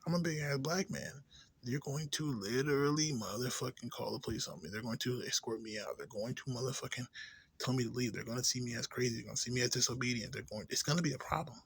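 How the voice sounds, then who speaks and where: Gravelly, very husky man ranting. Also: mid-range voice, steady tone, quick pace, no room sound. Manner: rambling, heavy swearing, many fillers; drops to a tired near-whisper at times. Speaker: vlogger. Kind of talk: unscripted venting monologue.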